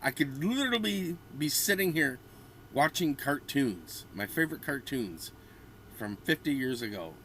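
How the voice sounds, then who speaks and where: Exasperated ranting man with a bright voice. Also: mid-range voice, big pitch swings, measured pace, a little hiss or hum. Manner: exasperated, blunt and rambling. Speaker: vlogger. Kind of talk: ranting commentary.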